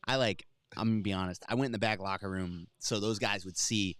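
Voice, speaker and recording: Low-voiced man telling a story. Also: normal speed, smooth, dry recording, studio quality. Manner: storytelling, laughing, animated. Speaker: commentator. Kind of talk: casual post-show chat.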